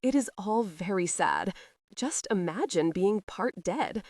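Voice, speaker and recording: A spirited young heiress wife who teases with a light, lilting mockery, as a woman reads her. Her voice sits in a middle range and sounds dry and close. She is sharp-tongued and sure of herself. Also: mid-range voice, lively intonation, takes it slowly, no room sound. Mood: teasing. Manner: playful, mocking, lilting.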